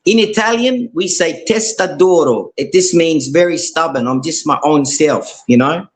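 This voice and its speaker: A man's voice: fairly high pitch, moderate pace, rough recording. A man from Australia calling in to a live show, chatting in a rambling way and repeating his words. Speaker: caller. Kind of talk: casual chat.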